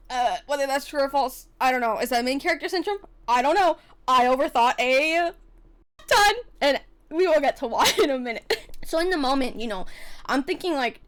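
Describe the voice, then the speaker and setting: High-voiced chatty woman telling a story. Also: fairly quick. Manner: chatty, constant "like" fillers, frequent swearing; animated, swings between loud outbursts and soft muttering. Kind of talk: casual storytime vlog.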